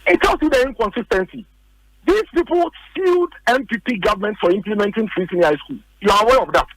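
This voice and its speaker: Ghanaian man pressing a political case in a radio studio, high-pitched, dry close sound, repeats himself for emphasis. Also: expressive, fast talker, a bit bright, no room sound, poor audio. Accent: Ghanaian English. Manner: emphatic, repeats points, rhetorical questions. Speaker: political commentator. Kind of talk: heated political argument on radio.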